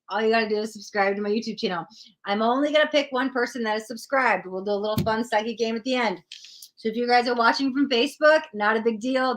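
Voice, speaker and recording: Brief: talkative woman tarot reader on a live stream, slightly higher voice, casual and thinking aloud. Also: fairly bright tone. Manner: chatty, informal, thinks aloud.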